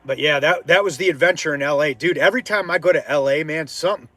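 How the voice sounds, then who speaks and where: A man hosting his own show, telling a personal story in a casual, animated way and swearing freely as it heats up. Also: a little high, fast talker, dry recording. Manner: animated, swears freely, swings from quiet to heated. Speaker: podcast host.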